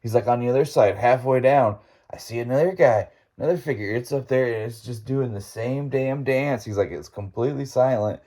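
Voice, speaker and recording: A man's voice: medium pitch, brisk, mellow. A male podcast host casually retelling a friend's ghost story, rambling and often laughing as he quotes his friend.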